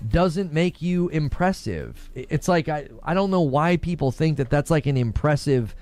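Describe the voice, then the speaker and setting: A man's voice: a little high, expressive, normal speed, darkish tone. A man giving an opinionated monologue to his viewers in a lecturing tone, repeating his points. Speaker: online video commentator.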